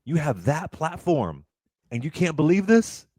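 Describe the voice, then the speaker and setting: A man's voice: fairly high pitch, sing-song, measured pace, warm tone, dry recording, clean studio sound. A man under sixty hosting a talk radio show, making emphatic points and now and then mocking the people he quotes.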